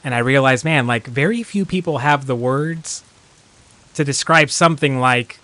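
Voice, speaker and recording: A man streams a video game, offering casual commentary in a mid-range, fairly bright voice at normal speed. He rambles through his thoughts, leaning heavily on "like" and other fillers, and reacts jumpily to surprises.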